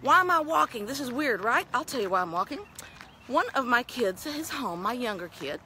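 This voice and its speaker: A middle-aged woman vlogger with a Texan accent walks along a town street outdoors, talking into a handheld phone for a casual talking-head vlog. She's chatty, upbeat and folksy, very animated at normal speed, with a bright, forceful, slightly high voice. Slight background noise is present.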